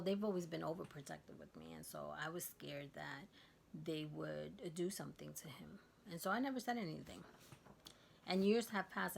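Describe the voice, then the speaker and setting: A woman vlogger with a lowish, gravelly voice tells a personal story in a candid, casual way. She is emphatic and lowers to a hush at the tense parts. A faint hiss sits under the voice.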